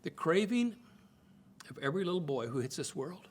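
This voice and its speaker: A man's voice: moderate pace, slight background noise. An older man from the United States, giving a sermon-style talk on marriage, telling family stories and acting out the quotes, often repeating words as he starts a phrase. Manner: expressive, acts out quotes with swings in pitch and loudness. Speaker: speaker teaching on marriage.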